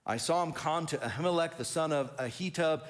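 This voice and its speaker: A man's voice: on the high side, fairly quick, lightly acted. A man voicing an eager male court informer who tattles insistently. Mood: tattling.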